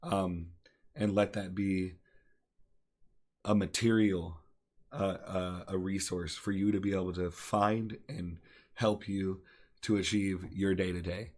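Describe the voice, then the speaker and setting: A young man with a very low, deep voice speaks earnestly on a podcast. He encourages his listeners and repeats phrases to drive his point home. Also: little pitch movement, slow, pauses often, darkish tone. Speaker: podcast co-host. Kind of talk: earnest casual talk.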